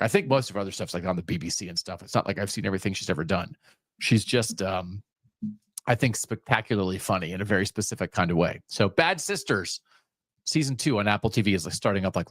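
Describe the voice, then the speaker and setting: A man's voice: lowish voice, a bit bright, no echo, clean studio sound. A man co-hosting a podcast, chatting casually and enthusiastically, with hedging asides. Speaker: podcast co-host. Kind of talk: casual chat.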